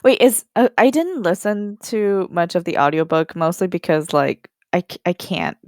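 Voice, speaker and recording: A woman's voice: lowish voice, moderate pace, dry recording, studio quality. A woman co-hosting a casual book podcast who laughs often and talks animatedly. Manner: giggly, lively. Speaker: podcast co-host.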